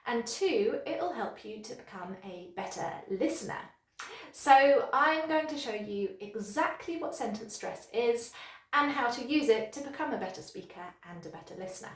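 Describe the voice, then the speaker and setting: A woman teaching English pronunciation in an online lesson, speaking clearly and encouragingly and demonstrating each example. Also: fairly high pitch, animated, moderate pace, echoey room.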